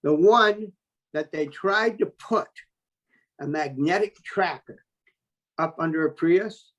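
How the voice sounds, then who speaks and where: A man telling a story as an interview guest, talking in a blunt, animated way and swearing freely. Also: a little high, slow pace, muffled recording. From New York State. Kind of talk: casual storytelling.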